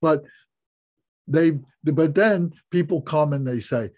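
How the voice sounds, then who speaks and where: Husky man teaching a slow dharma class. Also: on the high side, a little mellow. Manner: slow, repetitive, reflective explaining with restarts. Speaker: Buddhist teacher.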